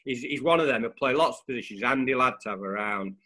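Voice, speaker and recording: Bright-voiced man rating players. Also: mid-range voice, fast. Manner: chatty, restarts often, gives player ratings. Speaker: football podcast co-host. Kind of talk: casual post-match chat.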